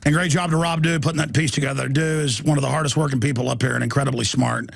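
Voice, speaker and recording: A middle-aged man hosting a radio show, rambling through shout-outs to his team and repeating words for emphasis. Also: medium pitch, fairly even intonation, fast, gravelly, no room sound, studio quality. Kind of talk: enthusiastic on-air shout-outs.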